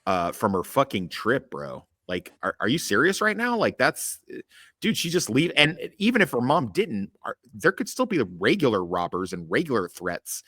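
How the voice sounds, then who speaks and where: A man in his thirties hosting a casual podcast chat, rambling, cursing and animated as he recaps an episode. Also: mid-range voice, normal speed, no echo, studio quality. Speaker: podcast host.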